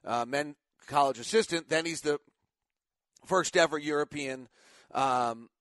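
Middle-aged sports talk guy, tired, rambles and self-corrects, voice a bit high, dry close sound. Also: measured pace, a bit bright, smooth, no room sound. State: tired after little sleep. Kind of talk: casual sports talk monologue.

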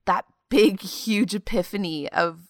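Earnest young woman with a gravelly voice. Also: medium pitch, a little slow, dry recording, studio quality. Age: 20s. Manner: earnest and confiding, laughing softly now and then. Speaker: podcast host. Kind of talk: reflective solo podcast talk.

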